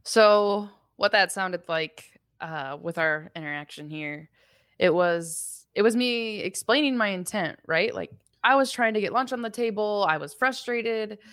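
A woman's voice: mid-range voice, a little slow, gravelly, a bit bright, no room sound, studio quality. A woman in her thirties co-hosting a parenting podcast, telling a candid story about her child in a reflective, self-mocking way. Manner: candid, reflective, laughs at herself. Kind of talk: casual conversational storytelling.

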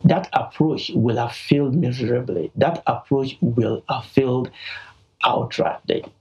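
A Nigerian man and podcast host giving an emphatic Bible teaching, slowing down to stress key words, on a poor-quality recording. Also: medium pitch, vocal fry, dark tone, husky, lo-fi sound.

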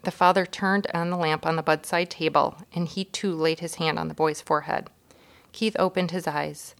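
A woman reads a children's chapter book aloud, calm and measured with gentle expression. Her voice sits a little low. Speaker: guest reader. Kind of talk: children's storybook reading.

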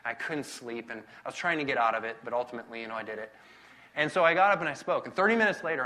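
A man giving a casual sermon, telling self-deprecating personal stories in a conversational, animated way. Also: on the high side, quick pace. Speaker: pastor.

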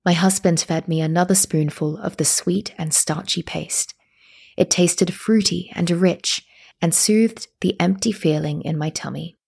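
Husky woman narrating a story. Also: lowish voice, measured pace, darkish tone. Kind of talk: first-person audiobook narration.

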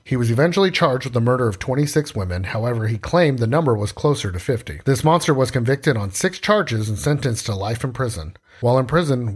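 A man's voice: mid-range voice, slightly rough. A man hosting a podcast, reading the intro and then joking around in casual chat. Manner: playful, lively, jokey. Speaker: podcast host.

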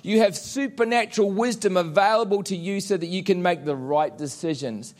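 A man preaching a sermon, declaring promises emphatically and pausing for effect. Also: high-pitched. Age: adult with children. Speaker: pastor.

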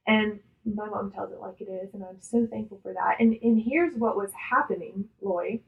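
A woman co-hosting a podcast, chatting casually and energetically about motivation in quick fragments and retold conversations. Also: mid-range voice, gravelly, phone-quality sound. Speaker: podcast co-host.

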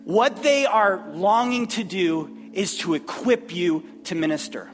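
An earnest male pastor with a high voice delivers a sermon, often repeating himself as he gathers his words. His voice carries a long hall reverb, with faint music underneath. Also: expressive. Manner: earnest, repeats phrases, preacherly pauses. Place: church sanctuary.

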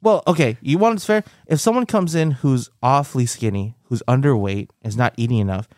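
A young man in casual podcast chat, animated and quick to laugh, peppering his talk with "dude" and "like". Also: medium pitch, no room sound, studio quality. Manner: animated, laughs often, says dude and like a lot.

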